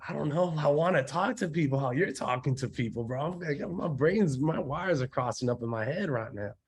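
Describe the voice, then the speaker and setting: A man's voice: fairly high pitch, animated, a little fast, breathy edge. A man mimicking a mumbling, overwhelmed recruit. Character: overwhelmed hesitant young male recruit.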